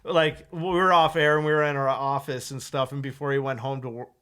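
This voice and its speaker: A man who hosts a radio morning show, telling a story in casual chat, animated, laughing often and acting out what people said. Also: medium pitch, a little fast, clean tone. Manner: animated, laughs often, acts out quoted lines.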